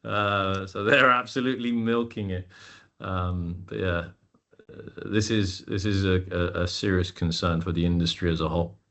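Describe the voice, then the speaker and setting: A man with a fairly low voice hosts a webinar question session over a video call. He speaks loosely and casually, filling pauses with ums. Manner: loose, filler-heavy, relaxed. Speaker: webinar host. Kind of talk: hosting a webinar Q&A.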